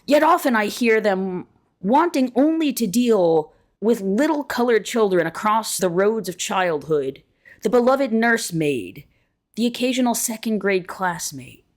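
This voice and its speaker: A woman reading an essay aloud in a measured, deliberate way, slowing down to stress key words. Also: medium pitch. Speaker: reader of an essay.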